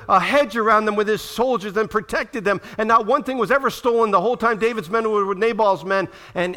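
Bright, high-voiced preacher. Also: male voice. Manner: animated storytelling, acts out quoted voices; checks in with listeners. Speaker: pastor. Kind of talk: sermon.

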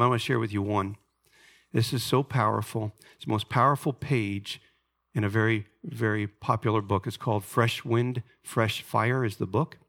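A man delivers a sermon to a congregation gathered in a church. He speaks in an earnest, conversational way. When he reads a story aloud he grows higher and louder. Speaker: preacher. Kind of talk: sermon with read-aloud passage. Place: church sanctuary before a congregation.

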